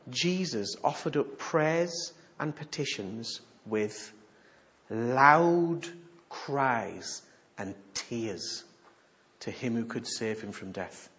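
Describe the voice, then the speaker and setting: A man preaching a sermon, animated and humorous, moving from hushed asides to loud exhortation. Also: mid-range voice, dull audio.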